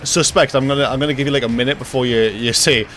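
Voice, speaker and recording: A man's voice: mid-range voice, steady tone, fast talker, a bit bright, soft background music. A young man ranting and joking casually to his chat during a gaming livestream. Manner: jokey, ranting, reacts to chat, swears casually.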